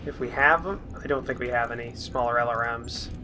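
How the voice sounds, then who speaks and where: A man hosting a let's play, thinking aloud in relaxed, chatty gameplay commentary. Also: mid-range voice, a little fast, a little hiss or hum.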